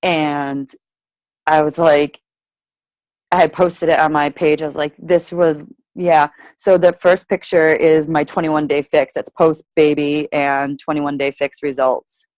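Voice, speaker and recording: A woman's voice: low voice, little pitch movement, unhurried, a little mellow, no room sound. A young woman casually telling her fitness story, chatty, full of "like", acting out her own past words. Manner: chatty, lots of "like", acts out own quotes. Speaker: guest sharing fitness story. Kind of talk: casual personal testimony.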